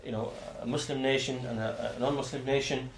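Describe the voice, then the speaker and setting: A man giving an explanatory lecture on hadith as a religious teacher, talking in a halting way with frequent restarts and repeated words. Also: mid-range voice, steady tone, vocal fry, slight background noise. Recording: roomy echo.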